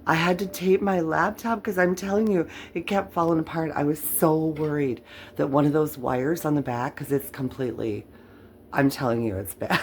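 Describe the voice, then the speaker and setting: A woman's voice: deep voice, fairly even intonation, moderate pace, a little hiss or hum. An older woman chatting casually to her viewers from a cluttered home workspace, rambling and poking fun at herself, audibly worn out. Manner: rambling, chatty, self-mocking. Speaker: channel host. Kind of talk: casual talk to camera.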